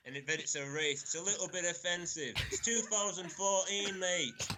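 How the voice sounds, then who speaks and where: A man's voice: high voice, normal speed. Brash man on a noisy phone line. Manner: brash, insulting, swears freely. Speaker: caller. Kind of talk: heated call-in banter.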